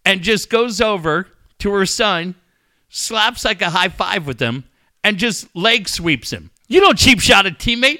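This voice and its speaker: Casting: middle-aged man, fairly high bright voice, animated storyteller who acts out quotes. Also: unhurried, clean tone. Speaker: coach and father. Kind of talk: casual storytelling chat.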